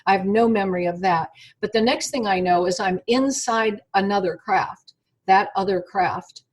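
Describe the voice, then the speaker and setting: A woman being interviewed over an internet call, telling a personal story in an animated, halting way with many fillers and restarts. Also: medium pitch. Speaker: interview guest.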